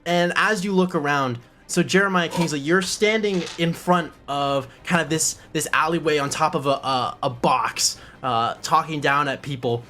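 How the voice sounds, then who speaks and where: A man's voice: on the high side, moderate pace, hardly any pauses, bright, forceful tone, soft background music. A man narrating as game master of a tabletop game, casual and descriptive.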